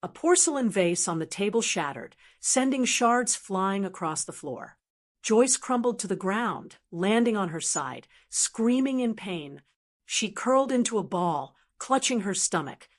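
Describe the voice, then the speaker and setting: A woman's voice: mid-range voice, animated, unhurried. A woman reading a first-person story aloud in a tense, dramatic narrating manner.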